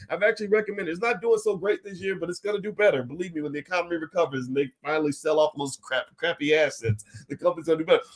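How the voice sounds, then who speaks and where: A high-voiced man, a finance commentator, gives a casual opinion monologue. He speaks emphatically, repeating key phrases and laughing as he makes his points.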